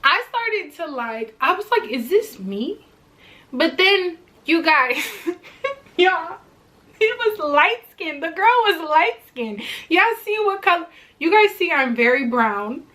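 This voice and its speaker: A young woman vlogger telling a personal story in a chatty, animated way, often turning to her viewers. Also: very high-pitched, slow. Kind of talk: storytime vlog.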